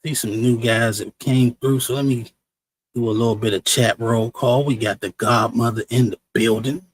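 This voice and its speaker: A man hosts a casual live-stream review show, reacting to clips and shouting out viewers. His talk is loose, slangy and chatty, with a mid-range voice. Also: mid-range voice, steady tone, moderate pace, slight background noise, poor audio. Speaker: livestream show host.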